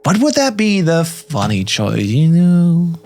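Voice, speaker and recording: A man's voice: a little high, wildly swooping pitch, slow, a little mellow. A man streaming and chatting casually about a game, giggly and self-deprecating. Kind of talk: casual gameplay commentary.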